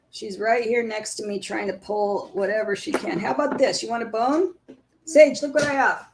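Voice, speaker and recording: A woman's voice: mid-range voice, moderate pace, creaky, darkish tone. A woman hosting a casual live stream, chatting with viewers and cooing at her puppy.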